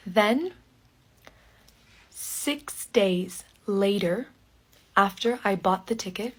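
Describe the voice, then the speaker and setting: Woman teacher, mid-pitched, extremely slow, deliberate storytelling in short phrases, soft whispers at times. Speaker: English teacher. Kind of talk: slow personal storytelling for learners.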